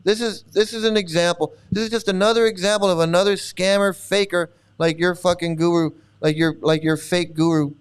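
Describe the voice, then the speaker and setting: A man's voice: high voice, fairly even intonation, brisk, few pauses, clear, resonant tone. A man hosting a stream, ranting crude and scornful reaction commentary with lots of repetition. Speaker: streamer host.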